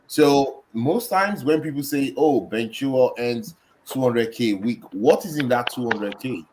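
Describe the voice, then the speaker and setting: A man co-hosting a casual football podcast, explaining in a measured way with frequent fillers. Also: mid-range voice, darkish tone, a little hiss or hum, poor audio. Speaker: podcast co-host.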